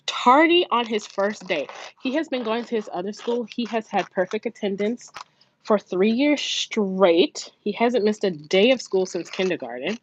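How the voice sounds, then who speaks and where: A chatty woman in her thirties tells her story in an animated way, swearing freely and jumping into higher voices when she quotes others. Her voice sits in a middle range. The recording is a little dull and lo-fi, with a faint hiss underneath. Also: moderate pace. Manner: acts out quoted voices in raised pitch. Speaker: budgeting vlogger, mother. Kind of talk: casual storytelling to camera. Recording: dull lo-fi sound with faint noise.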